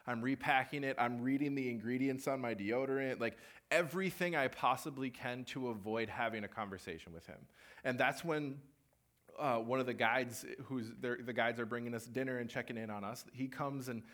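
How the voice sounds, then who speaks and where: A man's voice: mid-range voice, fairly quick. A young man giving a sermon and telling a personal story in a conversational way, acting out what people said. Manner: conversational, animated storytelling with acted-out quotes. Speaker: preacher.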